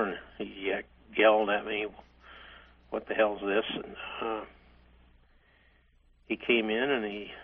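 Older man reminiscing, husky and tinny. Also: fairly low pitch. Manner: rambling, halting storytelling with many restarts. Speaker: interview guest, hotel chairman. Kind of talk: reminiscing interview.

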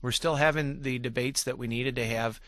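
A man's voice: medium pitch, fairly even intonation, brisk, fairly bright tone, no room sound. A man in his forties from Michigan, a former legislator and radio guest, telling his story candidly and with self-deprecating humor, often restarting his sentences.

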